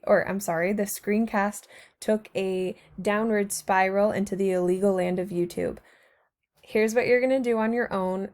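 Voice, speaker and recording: A woman teacher narrating a recorded slideshow lesson to her students, patient and encouraging, speaking to them directly. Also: mid-range voice.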